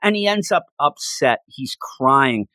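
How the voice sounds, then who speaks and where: A man's voice: medium pitch, expressive, unhurried, pushed and bright, dry recording, clean studio sound. A man chatting casually as a co-host, retelling a story with feeling and acting out the characters' lines. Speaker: podcast co-host recapping a game. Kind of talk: casual chat.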